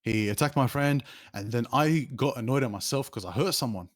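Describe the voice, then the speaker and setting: Man in his late 20s, mid-range voice, casual and animated, swings up in pitch mid-story. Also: brisk. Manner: animated, rambling, with sudden pitch jumps. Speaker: interview guest, streamer.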